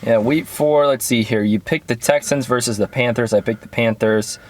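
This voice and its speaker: A man's voice: medium pitch, moderate pace. A man co-hosting a podcast, chatting casually about football picks and reading out the matchups. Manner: relaxed, reads out matchups and makes picks. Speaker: podcast co-host. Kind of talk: casual sports chat.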